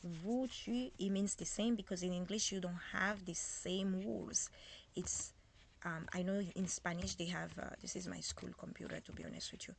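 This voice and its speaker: 低く、しゃがれた声でゆっくり話すフランス訛りの女性. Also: female voice, lowish voice, vocal fry, a little hiss or hum. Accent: French. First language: French. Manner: slow, repeats and spells out words, code-switching. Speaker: French teacher. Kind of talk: casual French lesson.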